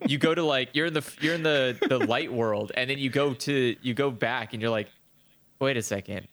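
A man's voice: medium pitch, normal speed. A man in casual conversation about video games, swearing freely and acting out characters' lines. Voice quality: animated, profane, acts out characters in quotes.

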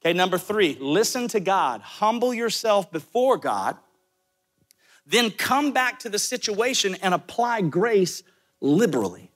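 A man with a Southern US accent preaching a sermon, talking directly to his listeners with quick asides. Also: sits high, very animated, fairly bright tone, slightly rough. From American South. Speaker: pastor.

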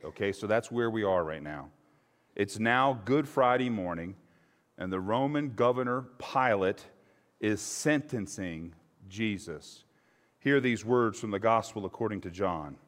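A male pastor delivers a conversational sermon and reads scripture. His pitch swings in an animated way. The sound carries a long church reverb. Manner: conversational, hesitant with fillers. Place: church sanctuary.

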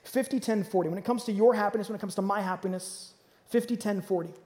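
A man preaches with a notably high voice, moving between loud, pressing runs and hushed, quiet lines. His sermon carries the long reverb of a large church auditorium. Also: fast. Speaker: pastor.

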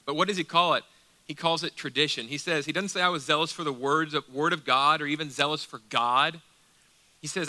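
A man delivers a sermon from the pulpit with a very bright, forceful voice. He presses rhetorical questions on his listeners and then drops to a hushed intensity. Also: fairly high pitch. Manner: emphatic preaching with rhetorical questions, dropping to quiet intensity. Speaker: pastor.

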